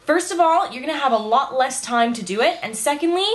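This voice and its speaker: A woman's voice: high-pitched, expressive, fairly quick. A young woman vlogging at home right after waking up, with a morning voice, talking casually and rambling, saying "like" and "you know" a lot. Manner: chatty, rambling, says "like" and "you know" often. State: morning voice, just woke up. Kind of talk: casual vlog monologue. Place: at home, indoors.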